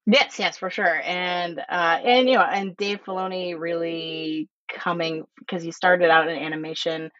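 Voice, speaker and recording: A woman with a lowish voice hosts a podcast, thinking aloud with many fillers. The recording is dry and a little dull and lo-fi. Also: steady tone, a little slow, hardly any pauses, fairly bright tone, dry recording. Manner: thoughtful, hesitant, many fillers. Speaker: podcast host. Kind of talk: casual chat. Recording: slightly dull lo-fi sound.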